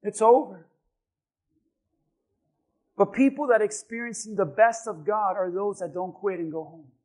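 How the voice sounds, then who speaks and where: A man preaching a sermon as pastor, telling a story calmly and then building to shouted exhortation. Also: high-pitched, moderate pace.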